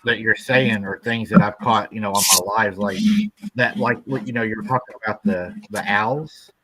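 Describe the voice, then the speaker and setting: A man's voice: lowish voice, steady tone, normal speed, sharp tone, poor audio. A man hosting a live stream, talking in a rambling, laid-back way about his own experiences. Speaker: host. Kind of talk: casual chat.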